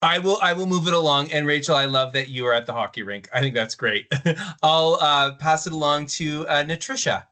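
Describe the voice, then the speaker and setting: A man's voice: a little high, brisk, pushed and bright. A man, an assistant superintendent, leading introductions in a virtual meeting in an upbeat way with some fillers. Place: video call.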